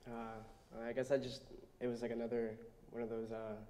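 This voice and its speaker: Hesitant young man answering flatly. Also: mid-range voice, fairly quick, reverberant, soft background music. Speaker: cello student. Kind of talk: answering a teacher in a master class.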